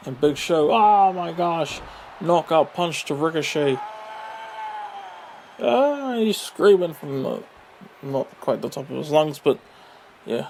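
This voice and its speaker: A man commentating a wrestling video game with excited play-by-play, full of exclamations and mild swearing. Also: a little high, slow, long pauses, slight background noise. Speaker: gaming commentator.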